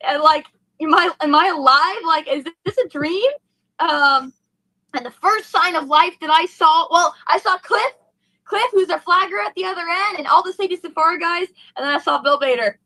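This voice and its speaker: A young woman pours out her feelings in a post-race interview, her voice high and sharp-edged. She rambles breathlessly with fillers, heartfelt and gushing. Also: moderate pace, dry recording, low-quality recording. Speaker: race car driver, interview guest.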